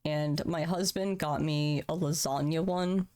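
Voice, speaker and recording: Her voice sits low, with a steady tone, a measured pace and a darkish color. She's a thirty-something streamer livestreaming from her home room, talking openly and with feeling about personal matters and cursing casually.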